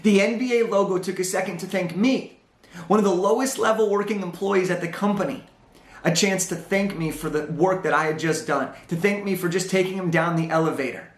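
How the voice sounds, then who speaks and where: A young man giving a motivational talk, telling a personal story in an animated way and acting out the dialogue. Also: high voice, fairly quick, reverberant. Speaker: motivational speaker.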